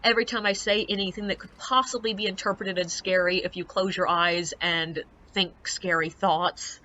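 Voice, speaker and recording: A woman tells tour-guide stories straight to camera in a loose, chatty way, leaning on fillers. Her voice is bright and forceful, and the recording sounds a little dull and lo-fi. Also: mid-range voice. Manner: chatty, animated, filler-heavy. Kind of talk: casual storytelling to camera.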